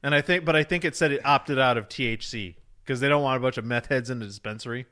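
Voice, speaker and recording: A man's voice: medium pitch, quick pace, sharp tone. A man co-hosting a casual podcast, ranting in a profane, jokey, rambling way. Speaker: podcast co-host. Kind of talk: casual chat.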